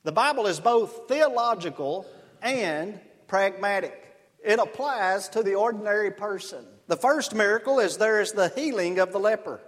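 A man's voice: high-pitched, moderate pace. A man preaching a sermon as pastor, earnest and conversational, telling stories. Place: church. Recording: long reverb of a church hall.

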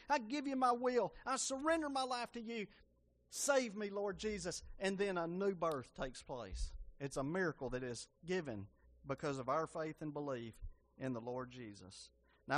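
Male preacher, high voice, impassioned sermon delivery with swells and hushed drops. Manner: impassioned, rising and falling delivery with dramatic pauses. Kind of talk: evangelistic sermon.

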